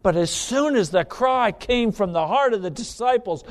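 Dramatic preacher man with a high voice. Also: animated, normal speed. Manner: dramatic, sweeping swings between loud pleading and hushed low asides. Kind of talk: sermon.

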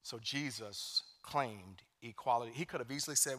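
A man preaching a sermon as pastor, animated, swinging from hushed scripture quotes to loud emphasis. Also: mid-range voice, moderate pace, few pauses. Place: church sanctuary.

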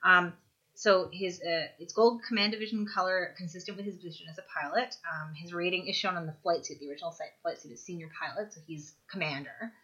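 Woman podcaster rattling off trivia, bright clear voice, kinda dull lo-fi audio. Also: on the low side, fast. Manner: enthusiastic, explains trivia in detail. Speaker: podcast co-host. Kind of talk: casual chat.

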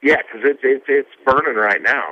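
A man's voice: mid-range voice, normal speed, bright, forceful tone, no echo, muffled recording. A man calling into a talk show, laid-back and confused about the tech, chuckling along. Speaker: caller. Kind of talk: call-in chat.

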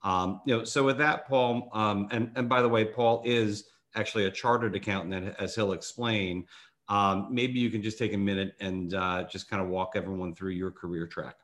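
A man's voice: on the low side, fairly even intonation, moderate pace, fairly bright tone. A man hosting a podcast interview, chatting casually and joking with many fillers and restarts. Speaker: podcast host.

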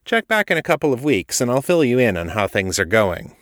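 A man, the podcast host and author, reading a story aloud in a measured way. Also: mid-range voice, sing-song, fairly bright tone, no echo, clean studio sound. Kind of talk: scripted story narration.

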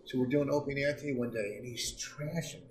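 A man's voice: medium pitch, quick pace, distant mic. Middle-aged guy swearing through funny stories, roomy room, faint hum behind. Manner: profane, animated storytelling. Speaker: comedian guest. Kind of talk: casual storytelling.

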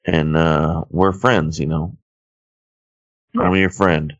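Very deep-voiced, profane laid-back man. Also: steady tone, slow, no room sound, muffled recording. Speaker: podcast co-host. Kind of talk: crude casual chat.

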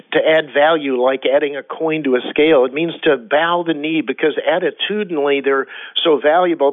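A man shares a long personal story on a radio talk show, earnest and rambling, often restarting his sentences. His voice sits a little high. It comes through thin and narrow like a phone line, with a dry sound. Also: dry recording. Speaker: guest.

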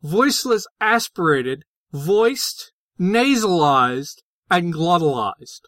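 A man's voice: high voice, very animated, takes it slowly, fairly bright tone, no room sound. A man co-hosting a podcast, explaining linguistics in a casual, hesitant way with many fillers and restarts. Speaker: podcast co-host.

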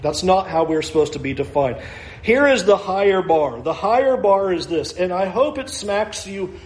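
A man's voice: sits high, lively intonation, moderate pace, roomy sound, low-quality recording. A male pastor preaching a sermon, earnest and building to emphatic challenges.

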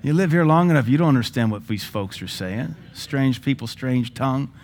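Lively joking male pastor preaching. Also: mid-range voice, normal speed. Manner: lively, joking, bursts into praying in tongues. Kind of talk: sermon teaching.

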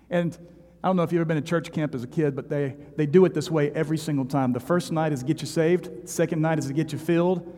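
Animated preacher in an echoing hall. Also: male voice, on the high side, fast. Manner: animated, repetitive, conversational. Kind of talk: sermon with storytelling.

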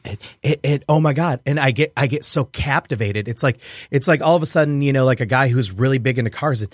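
A man's voice: medium pitch, fast, few pauses, dry recording, clean studio sound. A man who owns a restaurant, chatting casually on a radio show, acting out voices and laughing often. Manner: animated storyteller, acts out voices, laughs often. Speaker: restaurant owner.

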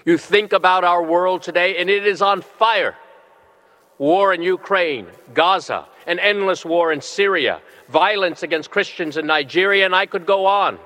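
A middle-aged bishop delivers a sermon in a bright, somewhat high voice. He speaks earnestly, leaning on slow, emphatic phrases. His words ring out with the long reverb of a large church hall.

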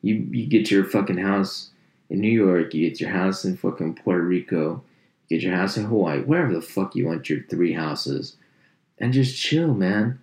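A deep-voiced man rants for laughs, swearing nonstop and jumping into sharp mocking tones. His voice sounds low and heavy, and it bounces around an echoey room. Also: moderate pace. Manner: animated, swears constantly, jumps into high mock voices. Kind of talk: profane comedic rant.

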